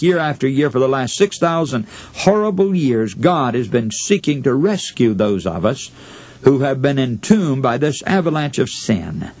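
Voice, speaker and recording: A husky male preacher. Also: medium pitch, a little mellow, no echo. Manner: earnest, pleading, with dramatic recitation. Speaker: radio preacher. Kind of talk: sermon.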